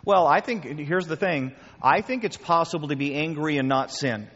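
A man preaching a sermon and taking questions, animated and emphatic, acting out the voices he quotes. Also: on the high side, moderate pace. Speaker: pastor. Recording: dull sound with long hall reverb.

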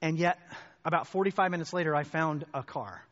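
A man preaching a sermon, telling a personal story in an animated way and climbing high and loud when excited. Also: a little fast. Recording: muffled hall with long reverb.

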